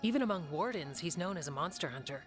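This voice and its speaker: A woman voicing a calm woman warden. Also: on the low side, quick pace, close to an everyday voice. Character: steady, practical adult woman warden. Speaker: warden ally character. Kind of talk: video game voice acting. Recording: game audio with music.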